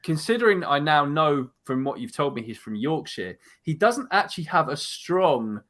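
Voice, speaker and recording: A man with an English accent, a guest in a casual conversation, explaining things in a measured way and often restarting his sentences. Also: a little high, very animated, fairly bright tone.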